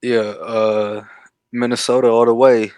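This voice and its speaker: A man's voice: medium pitch, level tone, unhurried, a little mellow, clean tone, no echo. A man co-hosting a casual sports picks chat, blunt and emphatic, swearing freely as he makes confident predictions. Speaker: co-host.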